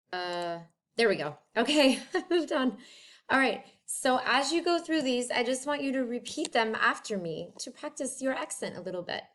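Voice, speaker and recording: A woman's voice: fairly high pitch, a bit bright. A woman French teacher recording a lesson at home, talking in a friendly, chatty way and switching between English and French.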